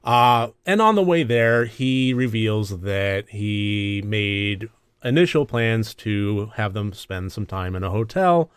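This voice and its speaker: Man, film review host, casual rambling delivery, smooth low voice, dry close sound. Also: animated, slow pace, no echo. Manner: rambling, many fillers, self-deprecating asides. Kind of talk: casual movie review monologue.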